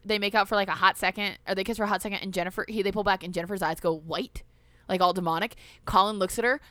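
A woman's voice: mid-range voice, a bit bright, smooth, no echo. A woman in casual chat, recapping a movie scene by scene, with loose, profane asides. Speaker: podcast co-host.

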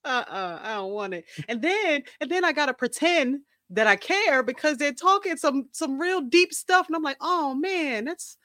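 Blunt, high-voiced woman co-host. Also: very animated, moderate pace, hardly any pauses, sharp tone, no echo, clean studio sound. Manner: blunt, frank, laughs easily. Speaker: podcast co-host. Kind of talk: casual chat.

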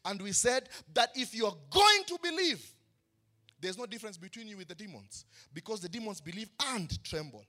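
Male pastor, high bright voice, emphatic call-and-response preaching. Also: sing-song, a little fast. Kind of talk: sermon.

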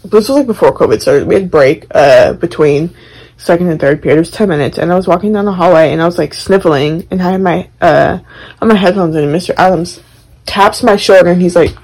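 Recent grad, podcast co-host, blunt and profane, lowish husky voice. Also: female voice, a little fast, darkish tone, low-quality recording. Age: young adult. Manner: blunt, profane, laughs often. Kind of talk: casual chat.

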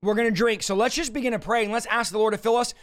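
A man preaching and leading prayer on a livestream, urgent and exhorting, his voice hoarse and his throat scratchy. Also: high-pitched, fairly even intonation, rapid-fire, fairly bright tone.

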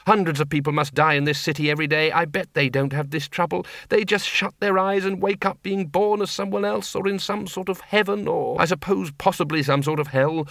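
A man's voice: on the high side, steady tone, a little fast, gravelly, hardly any pauses, fairly bright tone, no room sound, studio quality, pitched above the performer's own voice. A man voicing a timid, elderly male zombie wizard who stammers and hesitates. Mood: musing.

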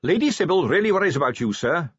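A man's voice: fairly high pitch, big pitch swings, a little fast, fairly bright tone, slightly rough, dry recording, muffled recording, pitched above the performer's own voice, heavily acted. A man doing an eager, earnest young watch captain. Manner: keen, dutiful and reassuring.

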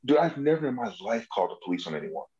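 Talking very fast at a medium pitch, a man guests on a comedy podcast with animated, profane road and prison tales, performing the quoted voices himself. The sound is lo-fi with crowd noise behind him.

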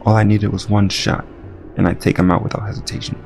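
A man's voice: lowish voice, flat delivery, fast, darkish tone, faint music behind. A man reading a first-person audiobook narration with dry, wry asides.

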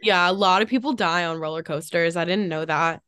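A young woman co-hosting a podcast, talking in casual chat full of "like" fillers and quick laughs. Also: lowish voice, a bit bright, clean tone, no room sound, clean studio sound. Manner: chatty, frequent "like" fillers, laughs often. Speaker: podcast co-host.

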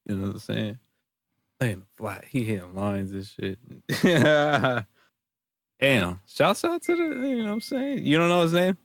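A man's voice: mid-range voice, very animated, a little slow, no room sound. A young man co-hosting a casual chat, laughing often and joking in slang.

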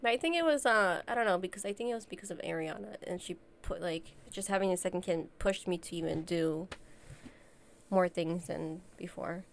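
A woman's voice: on the low side, a little fast, a little hiss or hum. A young woman and mother of two co-hosting a casual podcast, joking and laughing often. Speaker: podcast co-host. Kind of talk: casual chat.

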